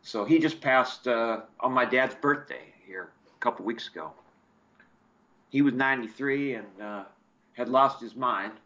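A chatty man from Eastern Oregon calls in to a talk show, with a bright, forward voice. He tells folksy stories, and his voice comes through a dull, lo-fi line. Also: medium pitch, a little slow. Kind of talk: casual call-in chat.

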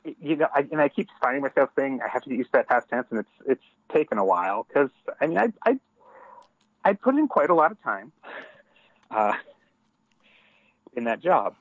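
A man's voice: mid-range voice, big pitch swings, fairly quick, long pauses, slightly rough, no echo. A man calling in as a guest, talking casually and hesitantly with many "likes" and "you knows". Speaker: phone-in guest. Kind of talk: phone interview. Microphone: telephone. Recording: dull phone line.

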